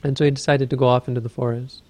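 A man who teaches Buddhism, giving a dharma talk and telling a story in a calm, measured way. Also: medium pitch.

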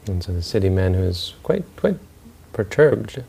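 Gravelly low-voiced male storyteller. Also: big pitch swings, moderate pace, warm tone. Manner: loose, with fillers and restarts. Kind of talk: spoken storytelling talk.

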